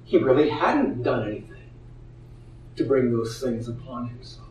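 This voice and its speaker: A man preaching a sermon, expressive, acting out the voices in the story he tells. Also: mid-range voice, measured pace, slight background noise. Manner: expressive, acts out quoted voices. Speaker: pastor. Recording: echoey room, heard from a distance.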